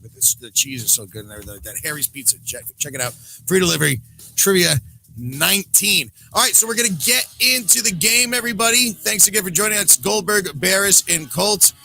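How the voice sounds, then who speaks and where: A man's voice: high-pitched, lively intonation, brisk, gravelly, pushed and bright, faint music behind, rough recording. A man hosting a live trivia quiz stream, upbeat and jokey, announcing in a sing-song way.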